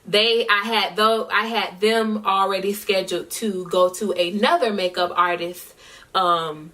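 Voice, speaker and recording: A woman's voice: medium pitch, steady tone, unhurried, recorded from a distance. Chatty woman, a bit off-mic. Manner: chatty, rambling, full of fillers and shout-outs. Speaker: singer recapping her year. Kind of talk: casual storytelling vlog.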